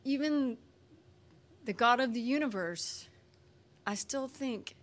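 A woman telling an emotional personal testimony, animated and expressive, acting out what people said. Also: on the high side, slow pace. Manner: animated, expressive, acts out quotes. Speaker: speaker sharing a personal testimony.

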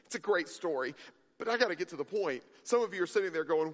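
A pastor with a high, bright voice preaches quickly in a reverberant church sanctuary, his pitch swinging widely. He tells a story with acted-out voices, then sinks to a near whisper for emphasis.

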